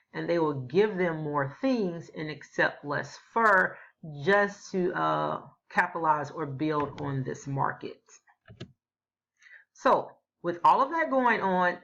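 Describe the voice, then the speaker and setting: A woman's voice: low-pitched, bright, forceful tone. A woman teacher giving a casual, explanatory history lesson. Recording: dull lo-fi recording.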